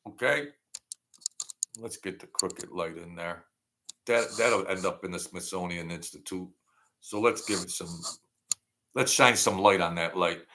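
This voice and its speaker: Gravelly man chatting with viewers. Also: low voice, a bit bright. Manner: rambling, reads out and thanks viewers by name. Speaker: channel host. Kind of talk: casual livestream chat.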